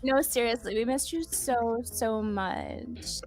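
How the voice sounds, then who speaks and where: A woman's voice: fairly high pitch, slow pace, faint music behind. A woman playing in a tabletop game, speaking in character in an eager, gushing way. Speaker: player. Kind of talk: in-character tabletop role-play.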